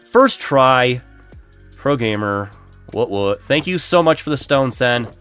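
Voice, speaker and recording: Over lo-fi background music, a Minecraft streamer talks slowly with lively intonation while he plays. Allergies leave him nasal and stuffy, and he jokes at his own expense with viewers in a medium-pitched, fairly bright, clean voice.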